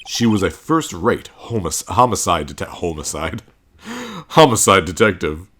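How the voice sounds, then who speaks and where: A man playing a flustered older judge, formal and halting, in a low, bright voice. The tone swings a lot as he hesitates. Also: huge pitch swings, full character voice. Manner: hesitant, easily rattled. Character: flustered old male courtroom judge.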